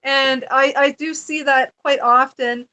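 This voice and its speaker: Animated, chatty high-voiced woman. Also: a little slow. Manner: animated, chatty, laughs often. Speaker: podcast guest. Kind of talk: casual storytelling chat.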